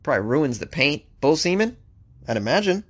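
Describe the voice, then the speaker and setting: A man's voice: a little high, sing-song, a little fast, husky. Wry joking male news-show host. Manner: wry, joking asides between read news stories. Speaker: podcast host. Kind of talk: comedic news commentary.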